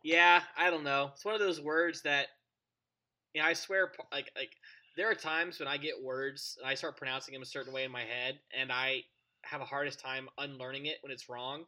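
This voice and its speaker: A man chats casually as a podcast co-host, with a very bright, medium-pitched voice. He rambles through asides and laughs easily. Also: steady tone, moderate pace. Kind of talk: casual chat.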